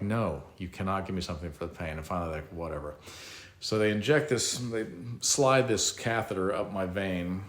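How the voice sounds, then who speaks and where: A man's voice: sits low, normal speed, echoey room. A middle-aged man, telling a personal story in a casual, self-mocking and reflective way.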